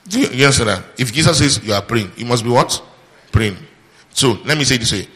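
A man's voice: medium pitch, expressive, fairly quick, a bit bright. A man preaching a sermon, reading scripture aloud and quizzing the congregation with call-and-response questions. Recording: long hall reverb.

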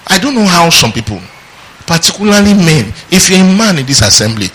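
A middle-aged man preaching a sermon in an animated, rhetorical and humorous way. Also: fairly high pitch, rough recording. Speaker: pastor.

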